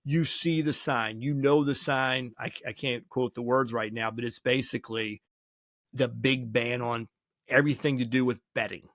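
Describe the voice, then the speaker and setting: A man's voice: medium pitch, fairly even intonation, normal speed, fairly bright tone, dry recording, studio quality. A man from the United States co-hosting a podcast, chatting casually and acting out quoted dialogue as he tells a story. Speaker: podcast co-host.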